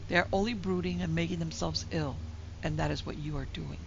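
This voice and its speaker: A woman's voice: low-pitched, steady tone, fairly quick, gravelly, a little hiss or hum. A woman reading the part of a brusque, blunt young woman who scolds her friend impatiently, in a dull lo-fi recording. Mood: scolding.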